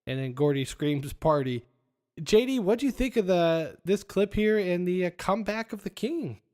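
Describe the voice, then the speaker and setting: A man's voice: high-pitched, expressive, normal speed, mellow. A man hosting a podcast, casually retelling movie scenes and laughing often. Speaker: podcast host.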